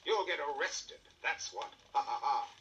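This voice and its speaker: A man voicing a triumphant museum director on a storybook record, loud and gloating. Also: a little high, animated, a little slow, recorded from a distance, muffled recording, a little hiss or hum, voice pushed up.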